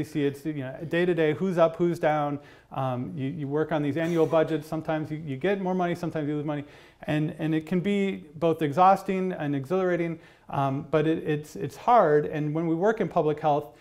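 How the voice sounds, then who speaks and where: A man's voice: fairly high pitch, a little mellow. A man giving a university lecture on policy advocacy, conversational, with frequent fillers and restarts. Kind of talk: public lecture. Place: lecture hall.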